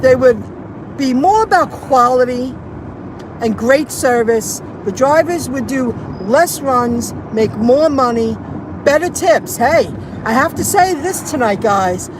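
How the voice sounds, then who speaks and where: A woman's voice: high-pitched, lively intonation, takes it slowly, noisy background. A woman delivery driver ranting in a casual vlog, indignant and repeating herself as she vents.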